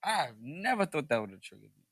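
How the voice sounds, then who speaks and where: A man speaking on a podcast panel, blunt and casual, with swearing dropped in. His voice is bright and clear, and the sound is dry and close. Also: on the high side, big pitch swings, fairly quick, dry recording.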